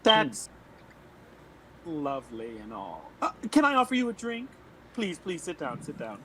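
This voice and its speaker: A man's voice: on the high side, huge pitch swings, a little slow, pushed and bright, slight background noise, heavily acted, low-quality recording. A man playing a genteel, fussy male shopkeeper who talks in an overly polite, refined way. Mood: courteous.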